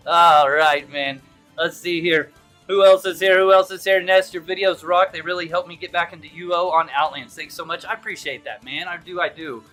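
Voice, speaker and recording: A man's voice: fairly high pitch, steady tone, moderate pace, pushed and bright, soft background music. A man hosting a live stream, chatting in a casual, upbeat and jokey way as he greets viewers by name.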